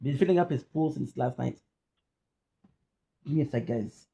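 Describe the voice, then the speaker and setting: A gaming streamer venting to his viewers in a casual vlog, a man who curses and says the same thing over and over. His voice is mellow and dark in tone. The recording is dull and lo-fi, as if made on a phone. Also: mid-range voice, normal speed, vocal fry, slightly rough. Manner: frustrated, swearing, repeating himself.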